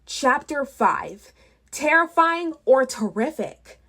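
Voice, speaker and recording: A woman reading a children's storybook aloud, unhurried, with small restarts. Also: high-pitched, lively intonation, a bit bright. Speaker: children's book reader.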